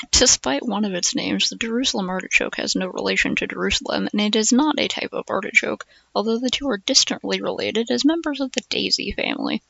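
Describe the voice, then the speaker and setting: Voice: medium pitch, a little fast, gravelly, pushed and bright, no echo, lo-fi sound. A streamer chatting casually and reading aloud, musing with lots of fillers and hums.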